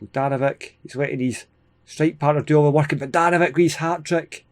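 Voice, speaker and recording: A Scottish man hosting a gaming video, giving casual, excitable play-by-play with frequent chuckles. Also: fairly high pitch, brisk. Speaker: gaming channel host. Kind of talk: casual let's-play commentary.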